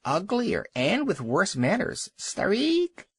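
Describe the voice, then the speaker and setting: Rude gull, shrill and mocking, done by a male reader, storybook, dry close sound. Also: huge pitch swings, slow, slightly rough, no echo, heavily acted. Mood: jeering. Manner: shrill and jeering.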